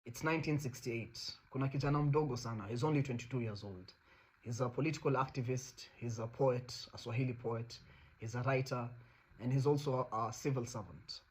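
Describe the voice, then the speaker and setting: A man's voice: medium pitch, slightly rough. A man with a Kenyan accent narrating a history story, switching between Swahili and English mid-sentence. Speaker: host.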